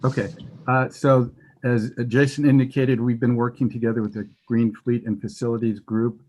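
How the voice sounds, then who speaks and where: A man's voice: mid-range voice, little pitch movement, normal speed, darkish tone. A man giving a facilities presentation to a committee over a remote call, explaining steadily with some fillers. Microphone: remote call audio.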